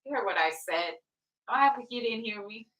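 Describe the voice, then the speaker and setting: Brisk and lively, her fairly bright voice sits on the high side as she does an easygoing tarot reading. She curses bluntly and laughs often. The audio sounds roomy, picked up from away from the microphone.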